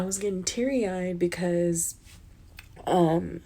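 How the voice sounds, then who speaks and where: A woman's voice: sits low, steady tone, a little slow, darkish tone, slight background noise. A young woman telling a personal story in a vlog, chatty and emotional, filling her talk with "like" and "um," and getting teary-eyed as she speaks. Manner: chatty and emotional, with many "like" and "um" fillers. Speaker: vlogger. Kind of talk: personal life-update vlog.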